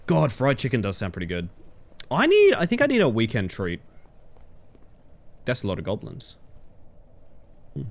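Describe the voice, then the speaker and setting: Lively, chatty man streaming a game. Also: mid-range voice, normal speed, long pauses. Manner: chatty and rambling, laughs easily. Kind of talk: casual gaming-stream chat.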